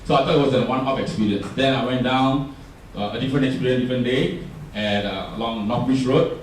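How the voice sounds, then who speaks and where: Brisk and medium-pitched, a man with a Singaporean English accent leads a workshop presentation in a chatty way, regularly turning questions to his listeners. Slight background noise and a roomy echo come through from the distant mic.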